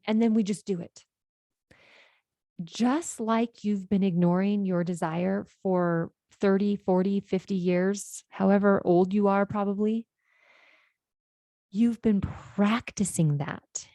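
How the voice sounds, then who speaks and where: A woman's voice: medium pitch, slow, vocal fry, warm tone, no echo. A woman life coach hosting a podcast, explaining ideas in an earnest, conversational monologue and often checking in with "right?".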